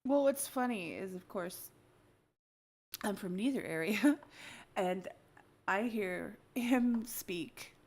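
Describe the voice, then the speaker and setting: A woman hosting a casual, unscripted podcast chat, talkative and quick to laugh as she explains things at length. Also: medium pitch, animated, a little mellow. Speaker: podcast host.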